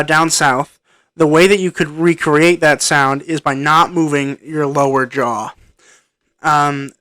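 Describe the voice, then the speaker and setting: Man, casual film review, hesitant and rambling, smooth clear voice, dry close sound. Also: a little high, bright, forceful tone, no echo. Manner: rambling, hesitant, many ums and restarts. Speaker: movie reviewer. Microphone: microphone plugged into a computer.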